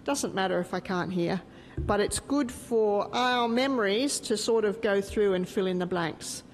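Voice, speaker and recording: A woman's voice: medium pitch, a little slow. A middle-aged woman teaching a Bible lesson as a story and quizzing her group so they fill in the blanks. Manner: lively, asks the group questions and waits for answers. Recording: reverberant hall with faint background noise.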